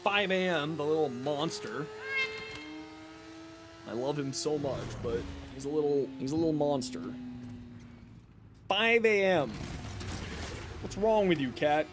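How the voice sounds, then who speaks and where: A male streamer chatting casually and jokingly with his viewers while he plays. His pitch sits a little high and bounces around a lot. There is a faint hiss of background noise. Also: lively intonation, measured pace, pauses often. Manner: chatty, joking, talks to chat and his cat. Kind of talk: casual livestream chat while gaming.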